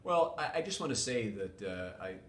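An older man, a former police chief, talking in a measured, wordy way with many fillers as an interview guest. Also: sing-song. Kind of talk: casual interview talk. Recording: echoey room with faint rumble.

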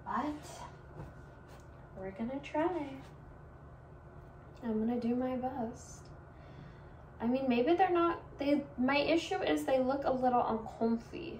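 A young woman hosts a casual try-on vlog in a bubbly, playful Valley Girl voice that sits a little high. She is recorded from some distance in an echoey room, with faint room ambience behind her. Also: lively intonation, a little slow, slight background noise. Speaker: vlogger.

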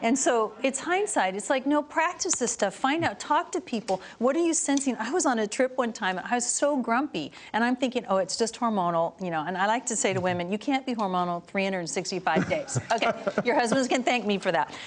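A middle-aged woman speaking as a guest on a Christian talk show, telling lively stories and acting out what people said. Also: a little high, fairly quick, hardly any pauses, a little hiss or hum. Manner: animated storytelling, acts out quoted voices.

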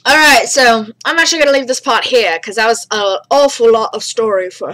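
A woman's voice: on the high side, a little fast, fairly bright tone. A young woman hosting a gaming video, chatty, tired and yawning, who swears casually and talks to her viewers. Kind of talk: let's play commentary.

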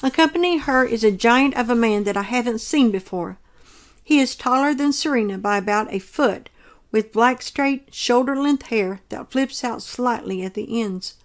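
Earnest woman reading a dream account. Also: a little high. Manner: earnest, measured and descriptive. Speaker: narrator of her dreams.

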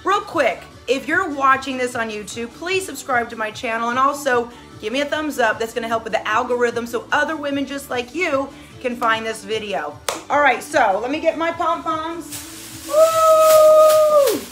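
A woman's voice: high-pitched, expressive, moderate pace, sharp tone, soft background music. A middle-aged woman coaching a live workout, cheering with enthusiastic whoops and motivating her viewers. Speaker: fitness coach.

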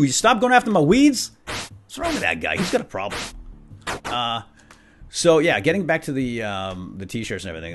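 Playful man with lively swings in pitch. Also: background noise. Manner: playful, bantering with game characters. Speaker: let's play host. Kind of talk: casual gameplay commentary. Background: game music.

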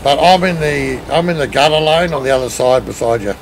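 A man's voice: medium pitch, fairly quick, slight background noise, low-quality recording. An Australian man hosting a live game stream, chatting casually with friends and reading out viewer comments as he drives. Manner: chatty, reads and answers chat while driving. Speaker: streamer leading a truck convoy.

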